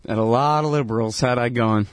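A man's voice: brisk, no room sound, clean studio sound. A man ranting in a casual, sarcastic way, laughing between points and mocking others in whiny voices. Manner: mocking, breaks into whiny falsetto impressions.

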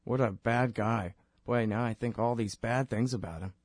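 A man's voice: mid-range voice, normal speed, slightly rough, no echo, studio quality. A man hosting a political commentary show, talking in a sarcastic, impassioned way. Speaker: show host.

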